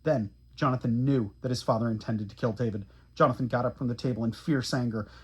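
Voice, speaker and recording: Husky-voiced man reading scripture. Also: mid-range voice, quick pace. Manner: steady, earnest reading with small slips. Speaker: Bible reader.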